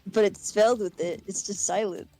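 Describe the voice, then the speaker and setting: Woman co-hosting a stream, calm and teasing, dry close sound, bit of music behind. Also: medium pitch, moderate pace, dry recording, low-quality recording. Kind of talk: casual stream chat.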